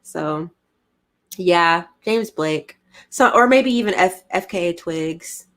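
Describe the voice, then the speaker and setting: A giggly woman co-hosts a relaxed podcast chat, teasing her friend. Her pitch swings widely as she talks, rising into bright laughter. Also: takes it slowly. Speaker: co-host.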